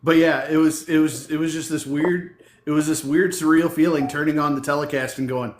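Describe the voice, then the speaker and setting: A man's voice: fairly high pitch, steady tone, brisk, slight background noise. A man co-hosting a podcast, chatting animatedly and swearing casually. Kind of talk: casual chat. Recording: roomy echo.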